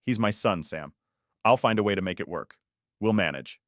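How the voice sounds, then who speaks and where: A worried father speaks quietly and firmly, trying to reassure, as voiced by a male narrator with a low voice. It is recorded dry and close to the mic. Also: expressive, normal speed, no echo. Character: worried, protective middle-aged father.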